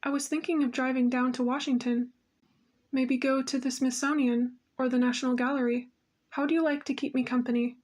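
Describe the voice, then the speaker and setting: A woman voicing a cheerful, lively young woman teacher in an audiobook reading, with a breezy, friendly manner. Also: high voice, fairly quick. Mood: coaxing.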